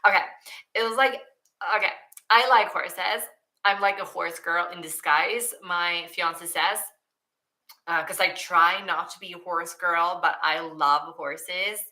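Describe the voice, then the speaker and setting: A young woman with a Swedish accent chats through viewer questions at an unhurried pace. Her voice sits a little low but sounds bright and forward, and she talks with lots of fillers and giggles, openly emotional. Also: fairly even intonation, poor audio. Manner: emotional, giggly, many likes and ums. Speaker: YouTuber answering viewer questions. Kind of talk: casual Q&A chat.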